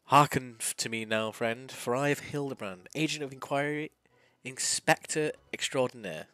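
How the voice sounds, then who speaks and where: A man's voice: medium pitch, moderate pace, bright, forceful tone, dry recording, voice pushed up, lightly acted. A man reading as a pompous, eccentric older inspector in a grandiloquent, theatrical way.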